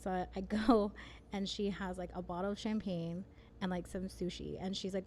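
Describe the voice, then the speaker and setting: A woman's voice: mid-range voice, flat delivery, moderate pace, a little mellow, a little hiss or hum. A woman hosting a casual podcast conversation, telling personal stories in a frank, candid way. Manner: candid, frank storyteller with mild swearing. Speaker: podcast host.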